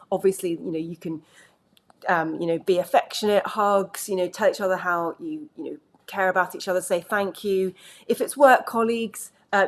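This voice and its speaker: A woman giving an earnest, reassuring coaching talk to camera in a conversational way, checking in with the listener. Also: lowish voice. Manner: conversational, many "you know" fillers.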